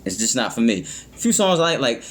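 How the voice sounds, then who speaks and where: A man talks through a music reaction in a loose, rambling way. He trips over his words and circles back to his points. He keeps asking "you know what I mean?" at a medium pitch. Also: very animated, fast talker. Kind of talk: casual reaction commentary.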